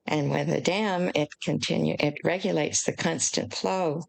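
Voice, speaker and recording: An older American woman with a low voice and a gravelly edge explains her points at length as an interview guest. She speaks in an earnest, measured way. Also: fairly even intonation, low-quality recording. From United States. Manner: earnest, emotional at times, measured.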